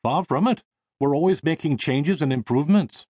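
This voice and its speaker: A man voicing a brisk, friendly young ship designer in an audiobook. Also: on the high side, animated, darkish tone, breathy edge, no echo, voice pushed up.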